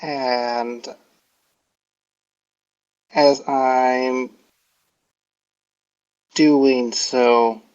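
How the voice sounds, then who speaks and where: Slow, rambling man playing a tabletop game. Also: mid-range voice, level tone, darkish tone, clear, resonant tone. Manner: rambling and halting, heavy on "like" and "um" fillers. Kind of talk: casual in-character describing of his hero's actions. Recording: dull lo-fi audio.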